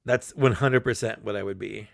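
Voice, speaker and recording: A man's voice: on the low side, steady tone, normal speed, gravelly, dry recording, clean studio sound. A man chatting as a guest, jokey and self-mocking, laughing often. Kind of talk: casual chat.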